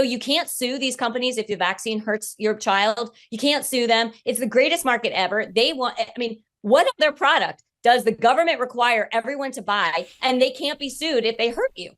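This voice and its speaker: A woman's voice: on the high side, a bit bright. A woman with an American accent, a guest on a radio interview, arguing her case in a pointed, persuasive way with a touch of sarcasm.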